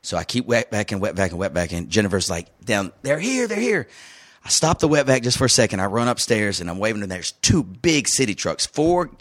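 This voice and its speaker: A middle-aged man, a podcast host, telling a story in casual chat, animated, often laughing and acting out what people said. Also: fairly low pitch, fast, few pauses, no echo.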